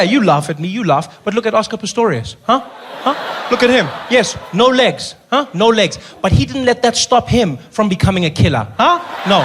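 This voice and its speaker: A man in his thirties from South Africa performing a lively stand-up comedy set, acting out voices as he tells stories. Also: sits high. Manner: animated storyteller who mimics voices. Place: large live comedy venue. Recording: echoey hall with loud crowd noise. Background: audience laughter.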